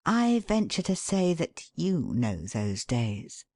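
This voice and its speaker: A woman giving an expressive, measured scripted narration of a book excerpt. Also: low voice, no room sound, studio quality.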